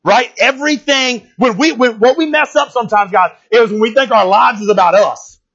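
Man, preacher, casual church talk, husky voice, slightly muffled recording. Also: very high-pitched, moderate pace, fairly bright tone. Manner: conversational, keeps asking "right?"; folksy, joking slang. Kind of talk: casual sermon.

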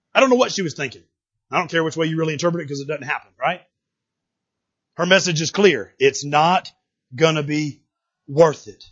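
Middle-aged male preacher, high husky voice, animated delivery with loud and quiet turns. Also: normal speed. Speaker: pastor. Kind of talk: sermon. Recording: dull lo-fi recording.

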